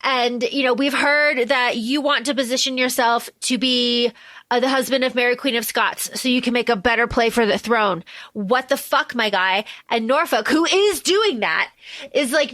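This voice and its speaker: Brief: young woman co-host, higher voice, dry close sound, animated casual recap. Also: normal speed, no echo. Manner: animated, acts out scenes in quoted voices, swears casually. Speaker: podcast co-host. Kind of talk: casual movie recap chat.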